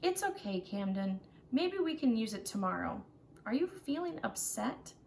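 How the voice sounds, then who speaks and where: A woman voicing a peaceful, gentle male captain character who soothes an upset child with patient reassurance. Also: a little high, sing-song, moderate pace, vocal fry, slight background noise. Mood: soothing.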